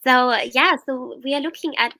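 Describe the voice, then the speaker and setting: A woman hosts a live-streamed interview over a video call, her voice a little high and close and dry. She speaks in a friendly, loose manner, with plenty of ums along the way. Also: moderate pace, bright, forceful tone, no echo. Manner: friendly, with fillers and little laughs. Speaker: interviewer and host. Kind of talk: live online event hosting.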